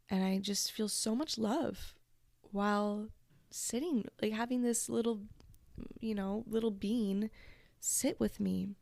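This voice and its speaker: A woman hosting a podcast, telling a personal story in a slow, reflective and emotional way, at times close to tears. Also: mid-range voice, creaky, a little mellow, no echo. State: tearful. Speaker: podcast host.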